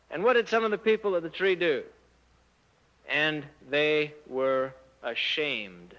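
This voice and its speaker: Animated man giving a muffled youth talk. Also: on the high side. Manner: animated storyteller, asks rhetorical questions, acts out dialogue. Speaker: church speaker addressing youth. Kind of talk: sermon-style talk to teens. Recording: muffled lo-fi recording.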